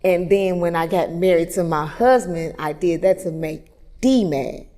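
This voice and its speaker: A woman, candidly telling a personal story, moving from hushed tones to loud animated retelling. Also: fairly low pitch, a little slow. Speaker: photographer telling her story. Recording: long reverb, roomy hall sound.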